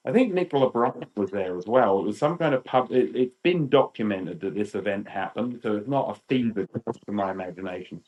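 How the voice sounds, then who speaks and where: A man in his fifties with a British English accent, chatting as a podcast guest. He tells his stories with animated energy and slips into the voices of the people in them. His voice sits a little low. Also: brisk, lo-fi sound. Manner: animated, acts out quotes. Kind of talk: storytelling chat.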